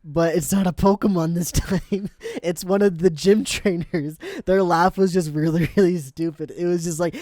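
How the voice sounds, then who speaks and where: A man's voice: sits high, unhurried, a little mellow, dry recording. A man co-hosting a casual podcast, recapping episodes with lots of giggling and silly quoted voices. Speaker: podcast co-host.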